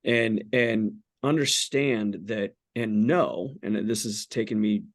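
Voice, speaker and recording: A man's voice: fairly low pitch, slow. A man in his forties, a podcast guest, talking candidly about faith in an earnest, blunt way with casual swearing. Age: 40s.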